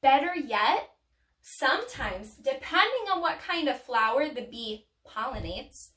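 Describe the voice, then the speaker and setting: Woman teacher with a high voice for a young children's lesson, playful and animated, recorded from a distance in an echoey room. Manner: animated and playful, with dramatic pauses. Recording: echoey room, mic far off.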